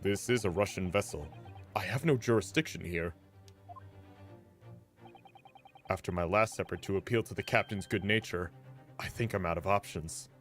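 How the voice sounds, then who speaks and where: A man's voice: medium pitch, very animated, moderate pace, vocal fry, fairly bright tone, faint music behind, voice pushed up. A man voicing a middle-aged police inspector with a stiff, formal delivery.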